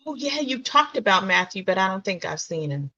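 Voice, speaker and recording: A woman's voice: medium pitch, very animated, brisk, sharp tone, dry recording, lo-fi sound. A woman co-hosting a casual beading livestream, reading out viewer comments and chatting with her co-hosts. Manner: friendly, reads out viewer comments. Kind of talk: casual chat.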